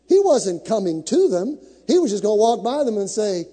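A man's voice: high voice, sing-song, moderate pace, dark tone, breathy edge, big-room sound. A male pastor preaching a sermon to a congregation, with dramatic build-ups, acting out the scripture stories he tells.

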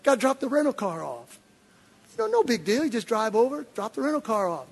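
An older man preaching, telling a story from the pulpit, swinging between low, quiet asides and loud, excited outbursts. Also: a little fast, gravelly, husky. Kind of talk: sermon storytelling. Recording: long reverb of a large hall.

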